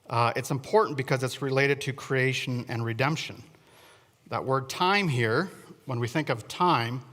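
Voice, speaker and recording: A man's voice: mid-range voice, a bit bright. A man delivers a sermon in an easy, conversational way, checking in with the congregation and joking at his own expense. His voice sits in an ordinary middle register. A long church-hall reverb trails after his words. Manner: chatty, asks the congregation questions, self-deprecating asides. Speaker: preacher. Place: church sanctuary.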